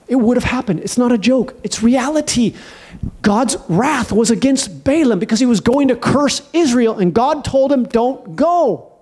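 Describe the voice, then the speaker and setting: A man preaching a sermon, emphatic and repetitive, building to shouted declarations. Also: very high-pitched, breathy edge.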